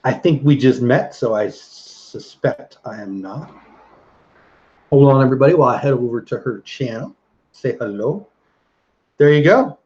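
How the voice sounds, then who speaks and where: Livestream host, man, middle-aged, mid pitch, chatty, dull lo-fi audio. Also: lively intonation, moderate pace, long pauses, a little mellow. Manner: chatty, reads viewer comments aloud, laughs easily. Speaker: livestream host reading chat. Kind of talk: casual live chat.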